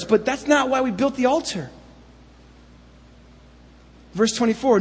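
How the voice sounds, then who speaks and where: A man's voice: extremely high pitch, moderate pace, pauses often, husky, long reverb tail. A man preaching a sermon, reading scripture aloud and then retelling it with passionate paraphrase.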